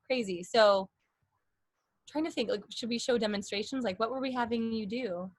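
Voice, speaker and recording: A woman's voice: on the high side, moderate pace, dry recording. A woman, a singing teacher, chatting casually and shifting her voice placement to demonstrate. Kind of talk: casual voice lesson chat.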